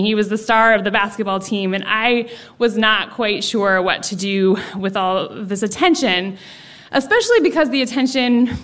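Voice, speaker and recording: Animated young woman telling a story on stage. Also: on the high side. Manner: animated, laughing, acting out voices. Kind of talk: live storytelling. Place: stage at a live story slam. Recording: live audience faintly heard.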